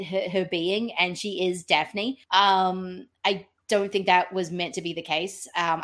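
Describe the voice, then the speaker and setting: Rambling woman thinking aloud on a podcast. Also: lowish voice. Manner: rambling, thinks aloud with many ums, acts out quotes. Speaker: podcast guest. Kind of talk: casual film review chat.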